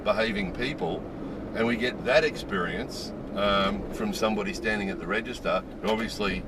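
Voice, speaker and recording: A man casually telling a story in an animated way, laughing and restarting when excited. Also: on the low side, normal speed, noisy background. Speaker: vlogger.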